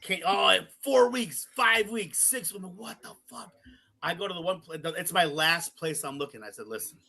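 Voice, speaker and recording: Man, podcast co-host, casual storytelling, bright tense voice, animated, swears. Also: high voice, moderate pace. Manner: swears freely, animated storyteller acting out quotes.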